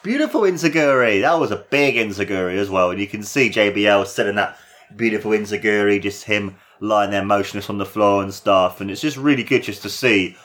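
A man giving casual, excitable play-by-play commentary on a wrestling match, his voice jumping up at big moves and swearing now and then. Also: fairly low pitch, brisk.

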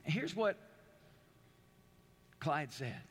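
A man's voice: a little high, sing-song, very slow, fairly bright tone, slightly rough. A man preaching a sermon as pastor, speaking emphatically, repeating and restarting phrases, and putting questions straight to his congregation. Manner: addresses the congregation directly with questions.

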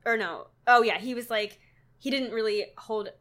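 A woman's voice: a little high, moderate pace, a bit bright. A woman co-hosting a podcast over a remote call, chatty and laughing often in casual talk. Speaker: podcast co-host. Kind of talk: casual chat.

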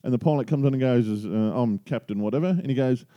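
A man's voice: mid-range voice, racing, warm tone, no echo. A man co-hosting a podcast, chatting casually and joking, laughing at his own stories. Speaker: podcast co-host. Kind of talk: casual chat.

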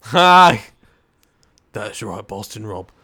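A man playing a tabletop role-playing game in a casual, excitable way. He jokes between moves and talks about what his character does. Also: medium pitch, normal speed. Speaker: player.

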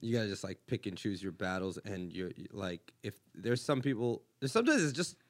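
A man in his thirties from Los Angeles with an American accent, hosting a podcast with crude, animated storytelling and frequent laughter. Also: on the low side, a little fast. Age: 30s. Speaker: comedian podcast host. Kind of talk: casual podcast chat.

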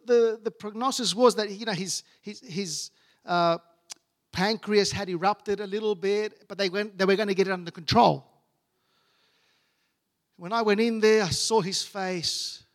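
A male pastor, telling a personal story in a sermon, moving from hushed quiet passages to loud declaiming. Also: high-pitched. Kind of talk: sermon testimony.

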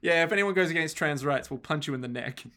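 A man's voice: a little high, quick pace, sharp tone. A man co-hosting a casual podcast, playfully chiming in and acting out characters in silly voices. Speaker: podcast co-host. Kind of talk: casual chat.

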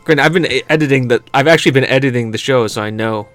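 A man's voice: mid-range voice, fast, fairly bright tone, dry recording, soft background music. A man hosting a casual gaming podcast, laid-back and chatty while playing a board game. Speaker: podcast host and editor.

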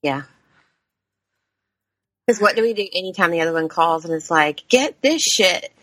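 Podcast co-host, woman, casual and profane, bright voice, dry close sound. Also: low voice, normal speed, no room sound. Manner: chatty, swearing, laughs often. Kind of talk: casual chat.

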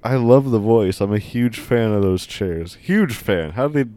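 A man's voice: on the low side, animated, moderate pace, mellow, no room sound. A man casually chatting on a podcast, rambling with lots of fillers. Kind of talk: casual chat.

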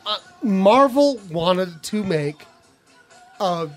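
A woman co-hosting a casual geek chat, excitable and quick to laugh, swearing freely as she gushes. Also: medium pitch, music in the background. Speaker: podcast co-host.

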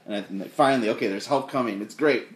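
A fast-talking man with a medium-pitched voice co-hosts a podcast, casually chatting about movies as he animatedly retells scenes and acts out the quotes. The room sounds echoey, with slight background noise.

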